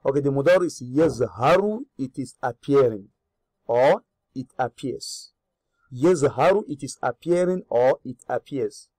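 A male teacher walks through verb forms. He says each term deliberately, repeats it, then explains it in plain English. His voice sits at an ordinary middle pitch, and the recording is dry and close with no room sound. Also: darkish tone, dry recording. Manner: repeats Arabic words slowly, then glosses them in English; asks rhetorical questions to the learner. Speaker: Arabic teacher. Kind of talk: grammar lesson.

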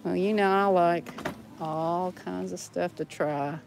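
A woman's voice: on the low side, fairly even intonation, slow, creaky, darkish tone, a little hiss or hum. A woman with a Southern accent, chatting and laughing with her viewers as she browses a store in a casual vlog. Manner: chatty, giggly, talks to viewers while browsing. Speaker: vlogger. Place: inside a large discount store.

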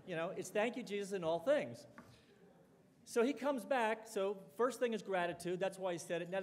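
A high-pitched middle-aged man, president of a college, addresses an audience in a relaxed, storytelling manner, performing the dialogue of his anecdotes. Long hall reverb fills the recording from a lecture hall or dining hall.

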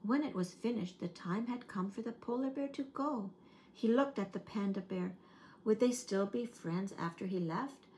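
A woman with a middle-range pitch gently and expressively reads a picture book to young children as part of an early-years program. She reads at normal speed, and a slight hiss sits under the audio.

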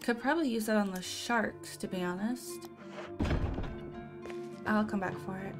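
A woman's voice: medium pitch, a little slow, over music. A woman giving casual let's-play commentary, talking to herself and letting out frightened yelps.

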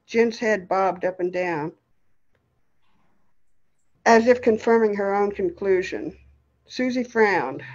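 A woman storyteller reading a story aloud in a steady, expressive way. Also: medium pitch, a little slow, lo-fi sound.

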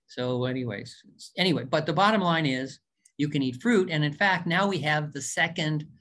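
Folksy, emphatic doctor lecturing. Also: male voice, a little high, a bit bright. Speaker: doctor giving a diet lecture. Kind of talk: informal recorded lecture.

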